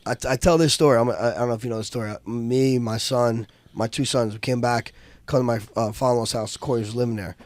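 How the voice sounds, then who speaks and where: A man's voice: mid-range voice, fairly even intonation, fast, dry recording. A man as a podcast guest, telling fight stories in casual, profane chat and acting out the voices of people he quotes. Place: podcast studio couch.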